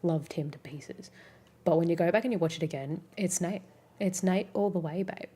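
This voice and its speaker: A woman's voice: fairly low pitch, normal speed, mellow, husky. A young Australian woman streaming, chatting casually with her viewers in a rambling, giggly way full of fillers. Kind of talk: casual chat with live chat.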